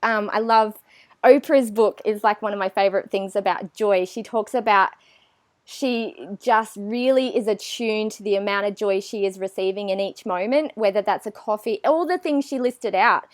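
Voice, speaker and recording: A woman's voice: medium pitch, moderate pace, dry recording. A woman, chatting animatedly as an interview guest and acting out her own thoughts. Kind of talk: casual interview chat.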